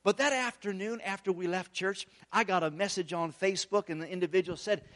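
A pastor preaching a sermon, telling a story in an earnest, emphatic way. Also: male voice, high voice, a little fast, fairly bright tone. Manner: storytelling, acts out the quoted voices.

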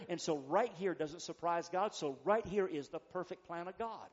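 Male pastor, high voice, fervent call-and-response preaching, slightly dull lo-fi recording. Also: moderate pace, hardly any pauses. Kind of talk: sermon.

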